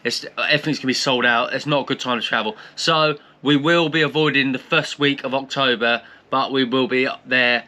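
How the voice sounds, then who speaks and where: A man's voice: mid-range voice, fairly even intonation, a little fast, hardly any pauses, pushed and bright. A young man with a Portsmouth English accent, earnestly explaining and clarifying things in casual vlog chat. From England. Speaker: travel vlogger.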